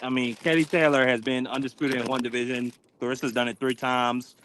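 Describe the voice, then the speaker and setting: A man speaking on a casual livestream panel with a bright, forward tone and a faint hiss behind him. He is blunt and opinionated, and he laughs as he tells things. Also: mid-range voice, flat delivery, fairly quick. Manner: blunt, opinionated, laughs at his own stories.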